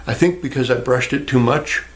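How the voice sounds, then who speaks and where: A male vlogger rants to the camera in a rambling, sarcastic, casual way, swearing freely and talking back to an imagined viewer. His voice is medium-pitched at a normal speed.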